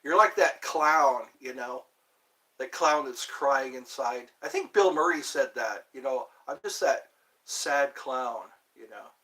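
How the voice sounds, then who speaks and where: A man's voice: medium pitch, unhurried, sharp tone. A man hosting his own vlog, rambling from topic to topic, laughing at himself and breaking into bits of song. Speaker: channel host. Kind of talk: rambling solo vlog chat.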